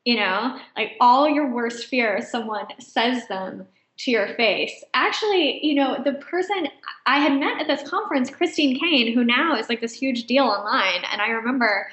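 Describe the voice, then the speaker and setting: Woman, high voice, animated storyteller, laughs often, roomy echo. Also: moderate pace. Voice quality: high-pitched voice. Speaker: interview guest. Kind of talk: conversational storytelling.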